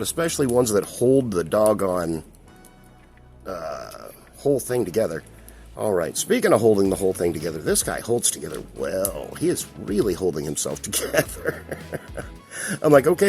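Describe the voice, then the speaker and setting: A man with a low, darkish voice swings widely in pitch at a moderate pace while casually reviewing a collectible toy he's handling. He's chatty and rambling, chuckling now and then, with faint music in the background.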